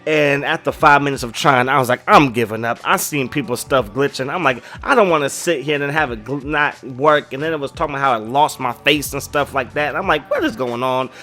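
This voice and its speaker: A man's voice: mid-range voice, a little fast, hardly any pauses, pushed and bright. Chatty man rambling over faint music. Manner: rambling and chatty, full of slang and "you know what I mean". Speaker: gaming YouTuber. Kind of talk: casual commentary while playing a game.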